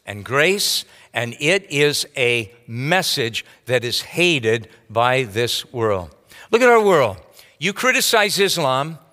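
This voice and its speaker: A man preaches from the pulpit in a bright, high voice that swings widely up and down. He moves between stories and points with lots of drive. The sound carries a long reverb like a large sanctuary. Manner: animated preaching with storytelling asides. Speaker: pastor. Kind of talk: sermon.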